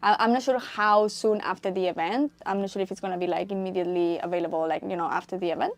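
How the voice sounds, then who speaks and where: A woman's voice: mid-range voice, fairly even intonation, fast. A woman speaking in a casual livestream as a game developer, hesitant, with many fillers and restarts, laughing often.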